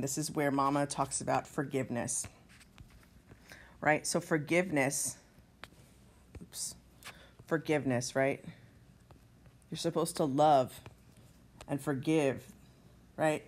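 A woman's voice: low-pitched, fairly even intonation, slow pace, pauses often. A woman teacher walking students through a play, explaining the scenes and reading lines aloud with feeling. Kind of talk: literature lesson walkthrough.

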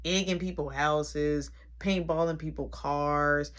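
A young adult woman telling a personal story in an animated, dramatic, slangy way. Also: low-pitched, takes it slowly. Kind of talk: casual storytime.

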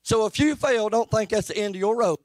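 Male preacher, folksy and earnest, high-pitched, dry close sound. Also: brisk, no echo. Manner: plainspoken, folksy and earnest, rising and falling in pitch. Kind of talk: sermon. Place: church sanctuary.

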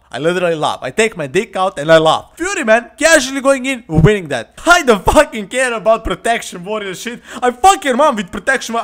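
A gamer with a high, fairly bright voice gives boastful, foul-mouthed commentary on his gameplay, trash-talking opponents and laughing a lot. Faint music plays in the background.

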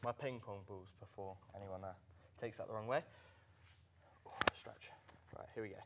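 A young man, a talk show guest, telling stories in a relaxed, jokey way with casual fillers. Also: on the low side, moderate pace, heavy background noise. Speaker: guest, charity prankster. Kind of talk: casual chat.

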